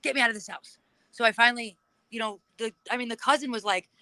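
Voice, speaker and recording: A woman's voice: fairly high pitch, fast, sharp tone, low-quality recording. A woman guest talking bluntly and casually, swearing a lot and acting out past arguments. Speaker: interview guest. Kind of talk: casual chat.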